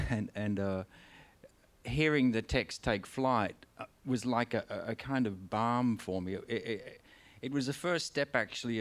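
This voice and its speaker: On the stage of a concert venue, an Australian guest author with a somewhat low voice shares his stories before an audience. He rambles, restarts often, and swears casually, coming across as candid and unpolished, like a live conversation.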